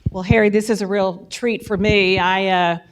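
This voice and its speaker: A woman's voice: mid-range voice, fairly even intonation, normal speed. A woman opens a live interview on stage with eager enthusiasm. She talks in a friendly, conversational way, leading into her first question. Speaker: host and interviewer.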